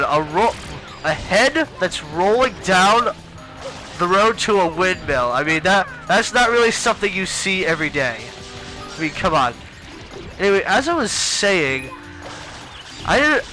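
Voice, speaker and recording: A young man giving casual, rambling gameplay commentary, chatty and quick to get excited. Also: high-pitched, low-quality recording. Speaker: let's play gamer.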